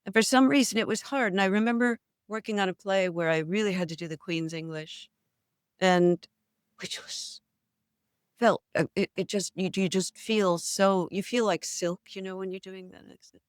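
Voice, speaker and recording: An older actress speaks in a smooth, resonant voice at a middling pitch. She tells her stories with animation and laughs often. The sound is close and dry, with no room around her. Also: steady tone, moderate pace, dry recording. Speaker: actress, interview guest. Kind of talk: casual interview talk. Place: New England.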